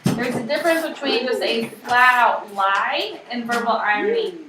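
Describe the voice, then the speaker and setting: A woman's voice: a little high, expressive, moderate pace. A woman teaching a class, explaining in a casual, chatty way with many fillers. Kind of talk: classroom lecture. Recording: echoey room, distant mic, noisy.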